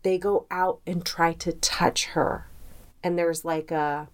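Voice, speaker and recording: A woman co-hosting a podcast, telling spooky stories in a casual, animated way and acting out quotes. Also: fairly low pitch, takes it slowly. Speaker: podcast co-host. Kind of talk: casual storytelling chat.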